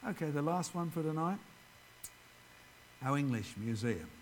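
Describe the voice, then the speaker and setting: A man's voice: on the high side, lively intonation, normal speed, slight background noise, low-quality recording. A man giving an informal ministry presentation, chatting directly with his audience. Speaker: creationist ministry speaker.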